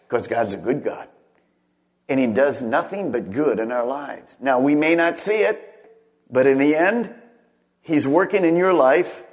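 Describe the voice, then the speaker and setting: A middle-aged man preaching a sermon in a fairly high voice. He delivers it emphatically, pushing some phrases up and letting others drop to near a hush. He often turns to ask his listeners questions directly. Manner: emphatic preaching, swinging between raised and hushed phrases; asks the congregation questions directly. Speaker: pastor.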